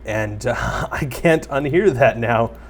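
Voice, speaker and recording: A man's voice: medium pitch, slow, a little hiss or hum. A young man giving casual Let's Play commentary, rambling and self-deprecating as he chats to viewers and the creatures on screen. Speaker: gaming YouTuber.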